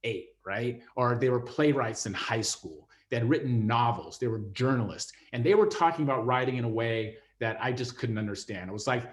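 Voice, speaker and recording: Middle-aged man, personal storytelling, halting, lots of fillers, restarts. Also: medium pitch. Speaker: TV writer and former network executive.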